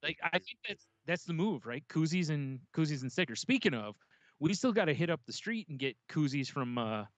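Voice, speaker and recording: A man's voice: on the high side, sing-song, normal speed, no echo. A man co-hosting a casual podcast, chatting in a laid-back, joking way and swearing now and then. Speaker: podcast co-host. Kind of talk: casual chat.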